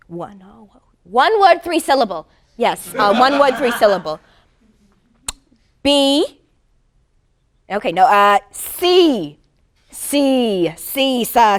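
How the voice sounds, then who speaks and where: A woman playing a scatterbrained fake psychic who guesses hesitantly, with fillers and throat clearing, in a comedy sketch. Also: on the high side, sing-song, slow pace, long pauses. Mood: flustered. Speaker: guest psychic.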